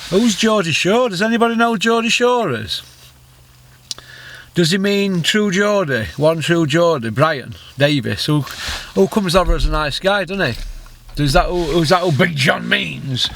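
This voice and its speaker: A man's voice: fairly high pitch, expressive, a little slow, creaky, a bit bright. A man hosting a boxing vlog, giving blunt opinions with lots of rhetorical questions and mockery. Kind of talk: opinionated solo commentary.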